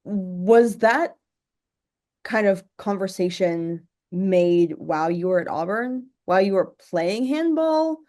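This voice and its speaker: A woman hosting a podcast, asking a guest unhurried questions with small restarts. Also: mid-range voice, expressive, darkish tone. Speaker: podcast host. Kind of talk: interview questions.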